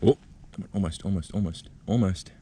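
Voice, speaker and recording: A man vlogging outdoors in the bush, talking gently and excitedly as he coaxes a spider out of its burrow. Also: deep voice, normal speed, slight background noise. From Australia. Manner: excited, gentle, coaxing, thinking aloud. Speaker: nature vlogger. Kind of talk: outdoor wildlife vlog, talking to camera. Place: outdoors in a bushland reserve.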